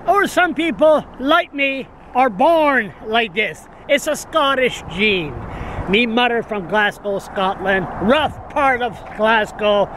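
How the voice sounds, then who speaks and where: A man's voice: extremely high pitch, expressive, takes it slowly, a bit bright, low-quality recording. A man in his sixties ranting to a camera on a stand outdoors, agitated and rambling, repeating himself, with wind and traffic around him. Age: 60s. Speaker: vlogger. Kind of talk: casual rant to camera. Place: outdoors in windy town street with traffic. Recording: outdoor street noise and wind.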